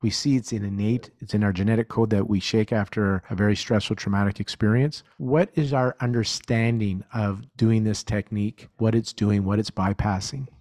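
A male podcast host with a low voice asks long, winding questions, often restarting mid-thought. The sound is dry, with no room echo. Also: fairly even intonation, moderate pace, few pauses, a little mellow. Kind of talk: casual interview questions.

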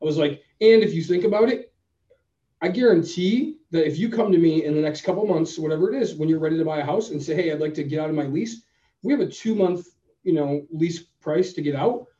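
A man co-hosting a podcast, telling a story in a casual, animated way and acting out both sides of the conversation. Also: a little high, a little fast. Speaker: podcast co-host. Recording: roomy, distant, dull sound.

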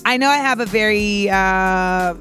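Animated, profane woman on a podcast. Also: medium pitch, measured pace, faint music behind. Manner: animated, profane, acts out scenes with shouts. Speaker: podcast host. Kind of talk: casual comedic monologue.

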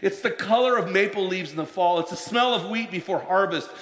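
Preaching pastor with a higher voice. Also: male voice, a bit bright. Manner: storytelling, slows down to stress scripture. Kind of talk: sermon. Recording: echoey hall, long reverb.

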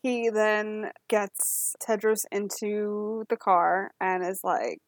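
A woman's voice: medium pitch, slow pace, no room sound, clean studio sound. A woman co-hosting a podcast, chatting casually and acting out characters' lines with lots of swearing. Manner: animated, profane, acts out characters' lines. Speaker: podcast co-host. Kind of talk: casual recap chat.

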